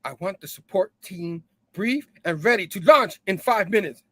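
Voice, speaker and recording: A man hosts a loose comic book recap, paraphrasing the dialogue instead of reading it and breaking into laughs as he goes. His voice sits high and bright. The sound is dry and close, with no room around it. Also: expressive, normal speed, husky, no echo. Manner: laughs often, repeats "you know what I mean"; loosely acts out characters' lines. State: hot and sipping a drink. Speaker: comic book review host.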